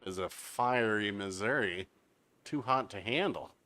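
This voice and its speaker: A man's voice: lowish voice, expressive, a little slow, sharp tone, slight background noise. A man streaming a naval game live, chatting casually as he explains mechanics and reads out chat messages.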